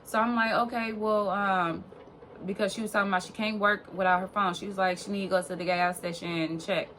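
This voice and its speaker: A woman's voice: mid-range voice, fairly even intonation, brisk, a bit bright, slight background noise. A young woman vlogger telling a long personal story in a casual, rambling way, full of fillers and swearing.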